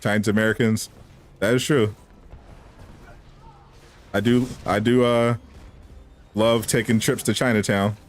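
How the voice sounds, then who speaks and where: A man's voice: on the low side, flat delivery, unhurried, pauses often, faint music behind. A man chatting casually on a live stream, answering viewers with teasing banter and frequent laughs. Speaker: gaming streamer.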